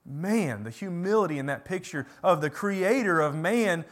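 A man preaching a sermon, animated, moving between loud emphatic lines and hushed ones, with sarcastic asides. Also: high-pitched, moderate pace.

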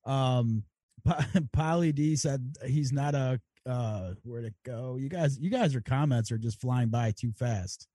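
A man's voice: medium pitch, unhurried, mellow, no echo. A man co-hosting a casual political livestream, reading out viewer comments and chatting in a laid-back way with casual swearing. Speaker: podcast co-host.

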